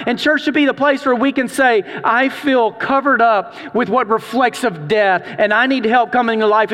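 A middle-aged man preaching a sermon, telling a story with animated delivery and acted-out voices. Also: high-pitched, big-room sound. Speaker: pastor.

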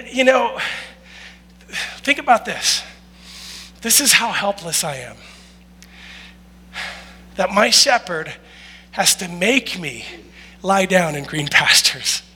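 A male pastor preaching a sermon in an animated, humorous storytelling style, often laughing. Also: high voice, takes it slowly, long pauses, slightly rough. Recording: long hall reverb.

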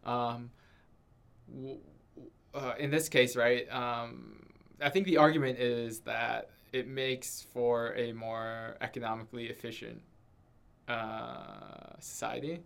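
Young man, gravelly, mid pitch, hesitant, lots of fillers and "right?", podcast co-host. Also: flat delivery, slow, fairly bright tone. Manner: hesitant, many fillers and restarts, ends points with "right?". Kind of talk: casual conversation.

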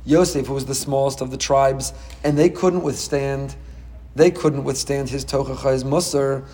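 A middle-aged man teaching a Torah class as a rabbi, dramatic and animated, with quick humorous asides. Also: mid-range voice, long reverb tail.

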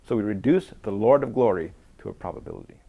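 Brief: male guest, emphatic and quick, gravelly edge. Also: on the low side, lively intonation, dull audio. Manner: emphatic, quotes people in acted voices. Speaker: guest apologist. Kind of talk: casual conversation.

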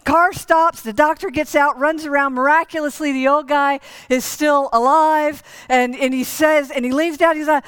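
A woman's voice: sits high, normal speed, hardly any pauses. Woman pastor telling a story in a sermon. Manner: storytelling with restarts, rising excitement. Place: church sanctuary.

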